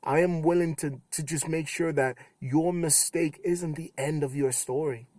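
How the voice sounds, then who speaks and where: Animated young man preaching to youth. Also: a little high, measured pace, no echo. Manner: casual retelling with animated quoted voices. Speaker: youth pastor. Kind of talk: youth sermon.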